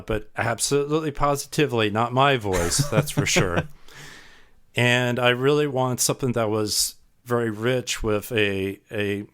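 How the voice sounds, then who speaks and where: A man's voice: fairly low pitch, fairly bright tone, smooth. A man guest on a podcast, telling a rambling, self-deprecating story with many fillers and restarts. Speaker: podcast guest, sound artist. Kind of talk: casual storytelling in a podcast interview.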